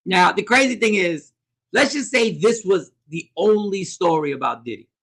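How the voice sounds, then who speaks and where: High gravelly man riffing to his chat. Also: moderate pace. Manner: animated, talks back to chat, repeats himself. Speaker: host. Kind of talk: casual livestream commentary.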